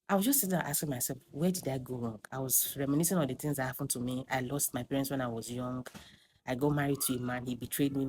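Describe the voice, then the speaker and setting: A woman's voice: rumbling low, darkish tone, slight background noise. A young woman, telling her own story in an emphatic, dramatic way to a phone camera. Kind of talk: personal storytime confession.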